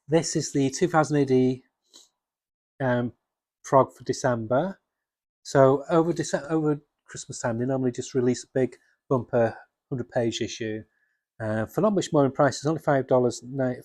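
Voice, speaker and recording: A man with a husky voice chatting casually and enthusiastically about comics, rambling with restarts. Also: medium pitch, darkish tone, no room sound. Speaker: comics vlogger. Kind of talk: casual chat.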